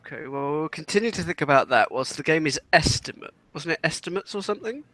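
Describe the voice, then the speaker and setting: A man's voice: fairly high pitch, animated, fast, fairly bright tone. A man co-hosting a casual watchalong commentary, describing what happens on screen with a wry touch. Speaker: co-host.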